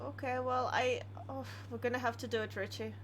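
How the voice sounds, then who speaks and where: A woman's voice: fairly high pitch, fairly even intonation, fairly quick, slight background noise. A woman chatting casually while playing a video game, laughing often and telling stories with animation. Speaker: co-host. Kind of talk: casual let's-play chat.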